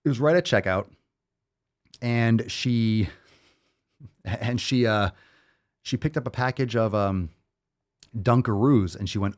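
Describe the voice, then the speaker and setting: A man's voice: fairly low pitch, normal speed, long pauses, darkish tone. A male podcast host ranting bluntly and profanely in a monologue.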